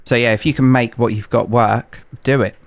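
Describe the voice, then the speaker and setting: A man's voice: mid-range voice, fairly even intonation, moderate pace, gravelly. A man streaming a game from home, chatting casually to his viewers in a rambling, hesitant way with lots of filler words, on a streaming microphone. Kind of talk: casual live-stream chat while gaming.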